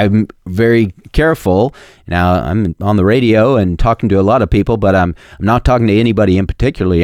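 A man's voice: sits low, darkish tone, dry recording. A male talk radio host delivering an emphatic, repetitive monologue into a studio microphone. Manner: emphatic and repetitive, mocking opponents in quoted voices.

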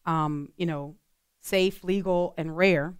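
A woman's voice: fairly low pitch, steady tone, slow pace, clear, resonant tone, no room sound, clean studio sound. A woman co-hosting a radio talk show, chatting earnestly with plenty of fillers. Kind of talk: casual talk radio chat.

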